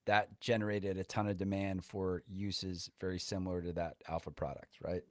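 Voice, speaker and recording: A man's voice: low-pitched, flat delivery, normal speed, dry recording, clean studio sound. A man co-hosting a podcast in loose, conversational chat full of "you know" and "kinda". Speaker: podcast co-host. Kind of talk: casual chat.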